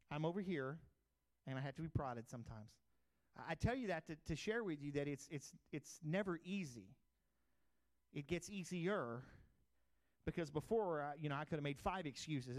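Here a middle-aged male pastor, his voice on the high side, delivers a sermon in a conversational storytelling manner. He swings from loud bursts to quiet asides.

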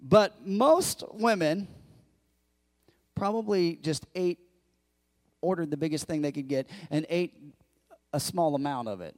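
A pastor preaching a lively sermon to his congregation, acting out quoted lines in a raised voice and joking with the crowd. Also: a little high, unhurried, pauses often. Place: church.

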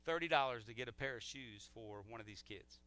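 A man's voice: mid-range voice, brisk, pushed and bright, clear, resonant tone. A man making church announcements to a congregation, enthusiastic and repeating himself as he rallies people to give. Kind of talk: casual church announcements before the sermon.

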